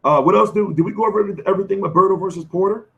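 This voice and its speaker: Man, live-stream host, hoarse, loose profane banter, slightly high voice. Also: racing, a bit bright, muffled recording. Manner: loose, profane, slangy banter answering chat. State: losing his voice. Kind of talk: casual live-stream chat.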